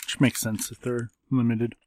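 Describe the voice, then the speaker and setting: A man co-hosting a podcast in casual chat, taking his time and teasing with a dry, drawn-out delivery. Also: medium pitch, flat delivery, a little mellow, a little hiss or hum. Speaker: podcast co-host.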